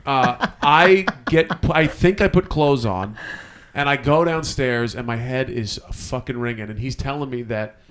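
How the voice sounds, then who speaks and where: A man co-hosting a casual podcast and telling a rowdy story. He swears freely and keeps jumping into quick impressions of the people involved. His voice sits at an ordinary middle pitch. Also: a little hiss or hum. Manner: profane, animated storytelling with acted quotes. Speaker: podcast co-host.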